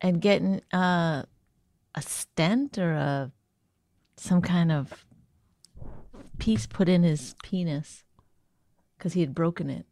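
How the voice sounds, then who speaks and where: A woman's voice: on the low side, slow pace, long pauses, dark tone, dry recording. A middle-aged woman comedian bantering casually with dry, blunt teasing. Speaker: stand-up comedian and podcast co-host.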